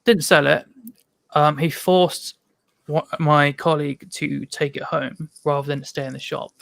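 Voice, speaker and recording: Gravelly man telling rambling stories. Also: on the high side, fairly even intonation, measured pace, fairly bright tone, no echo. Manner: rambling storytelling with many ums. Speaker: podcast guest. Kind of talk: casual chat.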